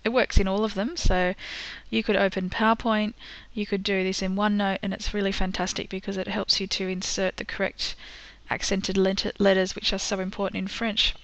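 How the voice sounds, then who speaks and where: A woman teaching a screen-recorded software tutorial, patient and step by step, with frequent ums. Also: medium pitch, flat delivery, a little fast, few pauses.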